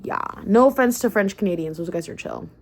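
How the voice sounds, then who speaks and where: A young woman recapping a book in a casual, excitable rant, swearing freely and filling her talk with "like" and "um". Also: mid-range voice, a little fast. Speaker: book vlogger.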